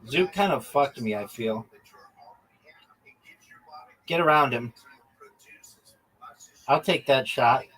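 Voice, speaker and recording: A man's voice: medium pitch, expressive, slow pace, long pauses, fairly bright tone, poor audio. A man livestreaming a game, teasing and swearing at his teammates and telling chatty stories in which he acts out both sides of a conversation. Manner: profane, teasing banter with teammates; chatty storytelling, acting out quoted exchanges. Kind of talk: casual gaming livestream chat.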